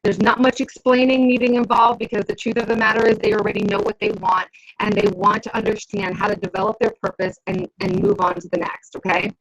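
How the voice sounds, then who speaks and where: Husky woman coaching in a chatty way. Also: mid-range voice, lively intonation, a little fast. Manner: conversational, keeps checking in with the listener. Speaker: business coach. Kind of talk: instructional talk to camera. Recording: dull lo-fi recording.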